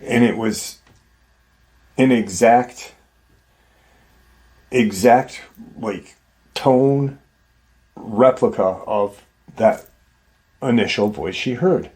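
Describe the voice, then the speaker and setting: Slow, low-voiced male storyteller. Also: darkish tone. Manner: conversational, rambling, "you know" fillers. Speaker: host. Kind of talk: casual storytelling.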